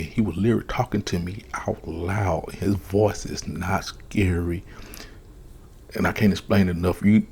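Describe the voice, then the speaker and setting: A man tells a personal story in a hushed ASMR manner. His voice is deep and very breathy. He speaks slowly and earnestly, with many soft whispered words. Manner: slow, hushed, earnest retelling. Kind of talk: ASMR testimony.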